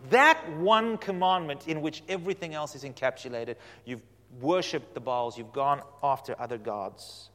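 Male preacher, slightly high voice, dramatic storyteller, long hall echo. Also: normal speed, hardly any pauses. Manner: animated storytelling, swinging from loud to hushed. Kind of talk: sermon.

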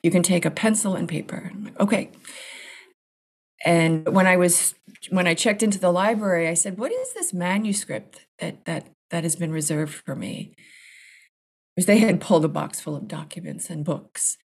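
A woman screenwriter, a guest, telling a story in a casual interview, animated and restarting often. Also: lowish voice, normal speed, breathy edge. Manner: animated, restarts often, acts out her own reactions.

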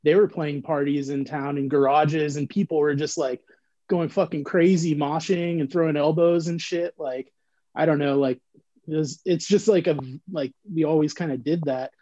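A man talks in a loose, rambling way, his voice a bit high and mellow. He fills his stories with "like" and "you know." The recording sounds slightly dull and lo-fi. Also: steady tone, normal speed. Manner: laid-back rambling storytelling, heavy use of "like". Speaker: band member recalling band history. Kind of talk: casual podcast chat.

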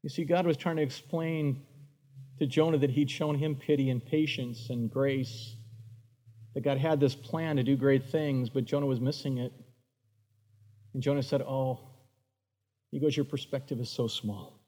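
A man preaching a sermon, animated, acting out the voices of the figures in the story he tells. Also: medium pitch, normal speed, long pauses, big-room sound. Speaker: pastor.

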